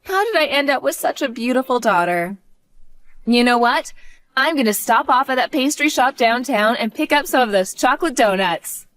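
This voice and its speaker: A woman's voice: high voice, animated, normal speed, fairly bright tone. A middle-aged woman telling a story in the voice of a firm, protective mother. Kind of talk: acted story narration.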